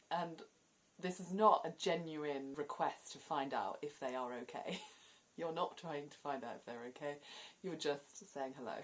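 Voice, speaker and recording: A woman's voice: low-pitched, expressive, a little slow, fairly bright tone. A woman with a southern English accent, chatting casually to camera as a vlogger and laughing often between points. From southern England. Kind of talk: casual explanatory vlog.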